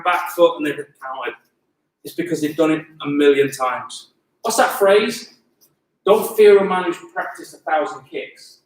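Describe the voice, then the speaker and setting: High-voiced man coaching a martial arts class. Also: measured pace. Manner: energetic coaching with sound effects. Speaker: Muay Thai instructor. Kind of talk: online fitness class instruction. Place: gym. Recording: echoey room, voice from a distance.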